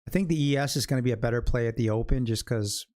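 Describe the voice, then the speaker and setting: A man's voice: medium pitch, fast, a little mellow. A middle-aged American man from California, talking casually on a trading livestream. He chats loosely and jokes as he goes, wanders off into stories, and chuckles at his own asides. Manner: chatty, jokey storyteller, laughs at own stories. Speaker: day-trading livestream host.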